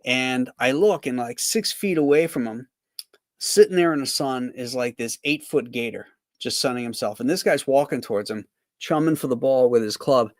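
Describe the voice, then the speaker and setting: Brief: male cartoonist rambling through anecdotes on a livestream, mid-pitched voice, dry close sound. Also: normal speed, no echo. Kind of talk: casual livestream chat.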